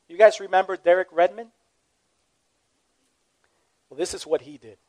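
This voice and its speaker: Man, pastor, sermon, high-pitched voice, earnest, emphatic delivery. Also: moderate pace, long pauses, a little mellow. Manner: earnest, emphatic storytelling preacher.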